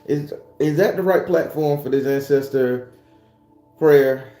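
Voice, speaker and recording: A man's voice: on the high side, measured pace, mellow. A man hosting a morning prayer stream, talking loosely and profanely in a rambling, casual way straight to his viewers. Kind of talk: casual chat. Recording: echoey room with faint music.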